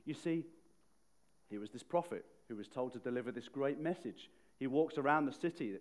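A man's voice: mid-range voice, lively intonation, brisk. A man preaching a sermon in a conversational way, often asking the listeners questions. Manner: conversational, asks the audience questions.

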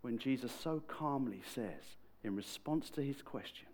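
A middle-aged man preaching in a conversational, lively way, with sudden bursts of emphasis. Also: medium pitch, unhurried, hardly any pauses. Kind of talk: sermon.

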